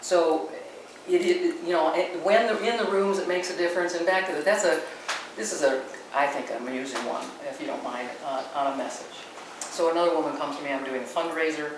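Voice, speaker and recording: A woman's voice: low-pitched, a little fast. A woman guest telling anecdotes as an animal communicator, wandering into frequent asides. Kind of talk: anecdotal storytelling. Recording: echoey room, mic far off, noisy.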